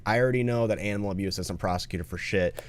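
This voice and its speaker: A man's voice: on the low side, fast. A man making a commentary video, appealing earnestly to viewers and swearing often. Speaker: video creator.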